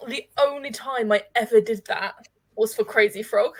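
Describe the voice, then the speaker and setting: A woman in casual chat with friends, lively and quick to laugh. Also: fairly high pitch.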